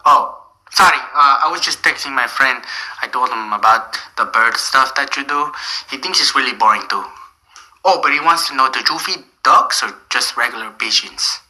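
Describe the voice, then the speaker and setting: A man's voice: mid-range voice, normal speed, sharp tone, low-quality recording. A man acting in a comedy sketch as a rude, dismissive fake therapist who mocks his patient.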